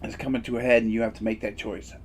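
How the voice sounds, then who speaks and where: Speaking fast in a lowish, fairly flat voice, a man streams a game while bluntly rambling through a personal story. He's candid and emphatic, swears occasionally, and keeps tossing in "right?". A little hiss or hum runs under the recording.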